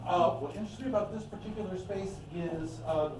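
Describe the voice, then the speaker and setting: A man improvising a comedy scene in a shifty, creepily calm manner. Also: high-pitched, a little fast. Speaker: improv performer. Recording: echoey room from a distant mic with noise.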